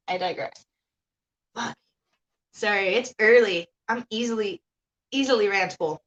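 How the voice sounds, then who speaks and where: A woman's voice: medium pitch, a bit bright. Casting: woman livestream host, blunt and profane, rambling rants into a laptop mic. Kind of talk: casual ranting livestream.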